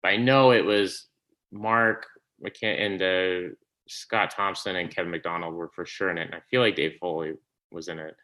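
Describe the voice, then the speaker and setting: Low-voiced man telling stories with laughter. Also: moderate pace. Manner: animated storytelling, laughs often, trails off and restarts. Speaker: guest. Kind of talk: casual conversation.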